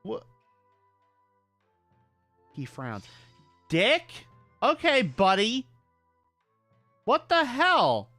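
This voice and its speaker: A man's voice: high-pitched, very slow, long pauses, no room sound, faint music behind. A man with a mixed Southern US and New York accent, giving casual, swearing, laughter-filled commentary while playing a game. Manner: animated, profane, laughs often. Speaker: streamer.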